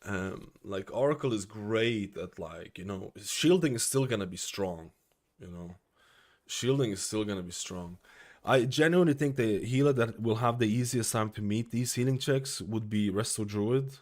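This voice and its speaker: A male streamer chats casually to his viewers on a live stream, rambling and leaning on fillers. He sounds a bit out of breath, and his voice sits low. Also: normal speed, a little mellow. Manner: rambling, uses lots of fillers like "like" and "you know".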